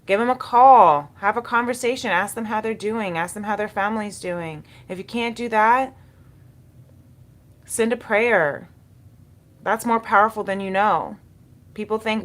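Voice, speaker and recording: A woman's voice: medium pitch, unhurried. A woman giving a spiritual tarot reading, speaking in a soothing, encouraging way and repeating key words. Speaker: tarot reader.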